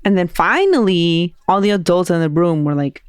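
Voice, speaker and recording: A woman hosting a podcast, telling a spooky story in a casual, animated way and acting out the voices of people in it. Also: on the low side, moderate pace, clean tone, no room sound, clean studio sound. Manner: animated, laughing, acts out quoted voices.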